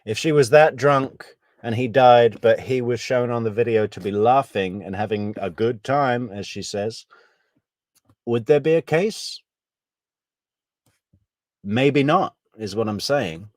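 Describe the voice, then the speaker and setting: A man giving casual, analytical true crime commentary, measured and thinking aloud, with wry asides. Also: medium pitch, a little mellow, no room sound.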